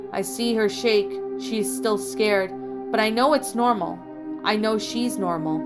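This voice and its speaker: A woman's voice: medium pitch, fairly even intonation, a little slow. Woman narrating a horror story over music. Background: background music.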